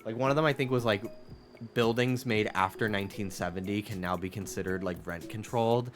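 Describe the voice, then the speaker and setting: A man's voice: on the low side, a little fast, soft background music. A man streaming a game who chats casually and rants with plenty of swearing. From United States. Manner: ranting, profane, animated. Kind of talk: casual chat while gaming.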